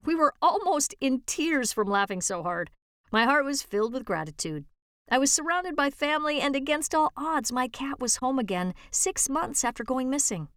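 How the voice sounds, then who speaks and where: A woman's voice: high voice, sing-song, normal speed, a bit bright, clean tone, dry recording, clean studio sound. A woman reading a true-life story aloud for a reading service, lifting her voice for quoted lines. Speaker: volunteer reader. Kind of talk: read-aloud story narration.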